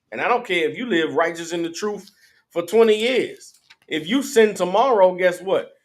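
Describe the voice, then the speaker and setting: A man giving an emphatic, blunt street sermon full of slang. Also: fairly high pitch. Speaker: religious teacher.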